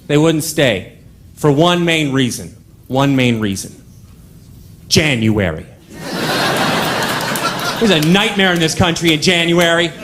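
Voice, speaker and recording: A man's voice: on the high side, expressive, slow pace, long pauses. A young man from Canada, doing a stand-up set on a club stage with a dry, offhand delivery and many asides. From Ottawa, Canada. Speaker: stand-up comedian. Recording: live club, audience and noise.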